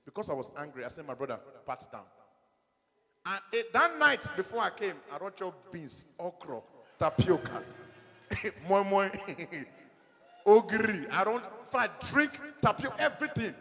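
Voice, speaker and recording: A middle-aged man with a Nigerian accent doing a stand-up comedy set, animated, acting out dialogue in his stories. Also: high voice, normal speed, long reverb tail.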